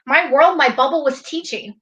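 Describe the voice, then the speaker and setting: A woman's voice: sits high, expressive, normal speed, a bit bright. A woman, a former teacher, sharing her faith story in a casual chat, earnest and emotional. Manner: earnest, emotional, openly devout.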